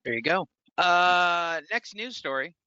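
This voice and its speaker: A man hosting a boxing podcast, briskly moving the talk along and reading news items. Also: high voice, expressive, pushed and bright, clear, resonant tone, dry recording. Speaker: podcast host. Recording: dull, dry lo-fi audio.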